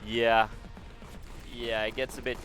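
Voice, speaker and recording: A gaming streamer, a man of middle pitch, talks casually at a desk mic, rambling through his thoughts and muttering about getting shot. Loud game music runs under him, with bursts of gunfire. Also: little pitch movement, takes it slowly.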